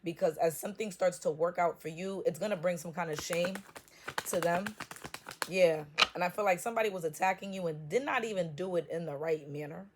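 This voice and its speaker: A woman's voice: on the low side, a little fast, background noise. A woman giving a casual tarot reading, blunt and profane with joking trash talk. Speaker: tarot reader.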